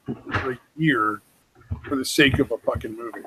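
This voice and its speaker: A man's voice: medium pitch, moderate pace, sharp tone, slight background noise, rough recording. A man co-hosting a podcast in an easygoing, casual way, swearing often and filling his talk with "like". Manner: laid-back, profane, peppered with "like". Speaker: podcast co-host. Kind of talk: casual chat.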